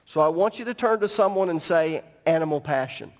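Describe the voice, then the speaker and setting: A male pastor preaching a sermon in a church sanctuary, emphatic and animated, with joking asides. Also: sits high, brisk. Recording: long reverb of a large hall.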